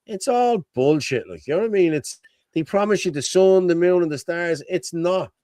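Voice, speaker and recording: A man's voice: high-pitched, lively intonation, moderate pace, mellow, no echo. A middle-aged man hosting a live stream chat, rambling and swearing, with a constant "you know what I mean". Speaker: host.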